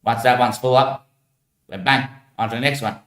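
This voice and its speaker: A man's voice: mid-range voice, moderate pace, a bit bright, close to an everyday voice. God as a laid-back bloke, as a man puts him on. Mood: easygoing. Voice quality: casual, drawling slang. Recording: echoey room.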